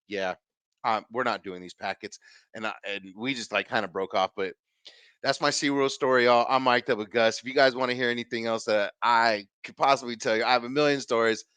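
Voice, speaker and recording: A man hosts his own podcast, telling a personal story with plenty of swearing and acted-out dialogue. His pitch swings widely as he gets into it, and the recording is close and dry with no room sound. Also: no echo. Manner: animated, profane, acts out the dialogue. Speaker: podcast host. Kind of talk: casual storytelling.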